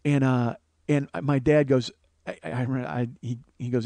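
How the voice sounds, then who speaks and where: A man's voice: medium pitch, normal speed, gravelly, dry recording. A man in his forties, a comedian and podcast host, telling a personal story in a casual, profane way. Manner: profane, conversational, animated quotes.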